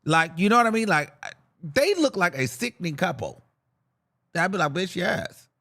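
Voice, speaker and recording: Young dude on his podcast, sassy campy gossip talk, lively pitch jumping all over. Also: normal speed. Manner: animated, sassy, campy slang, talks to himself. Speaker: podcast host. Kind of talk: casual gossip commentary.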